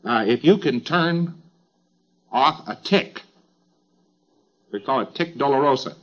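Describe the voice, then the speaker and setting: A man's voice: medium pitch, expressive, takes it slowly, highs cut off. A man giving an informal lecture in a wry, chatty way, with emphatic asides.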